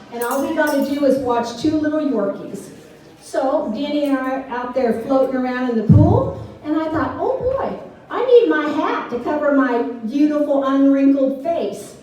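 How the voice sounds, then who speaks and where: High-voiced woman telling stand-up stories. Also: normal speed. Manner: animated, shrieks when quoting herself. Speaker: stand-up comedian. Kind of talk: stand-up storytelling. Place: small venue on stage. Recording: very echoey room, voice from far off.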